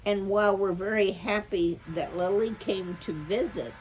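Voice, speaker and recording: A woman voicing an eager, talkative young mother mouse in a storybook reading, piling up excited questions. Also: medium pitch, moderate pace, a little hiss or hum, pitched above the performer's own voice, close to an everyday voice. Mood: gentle.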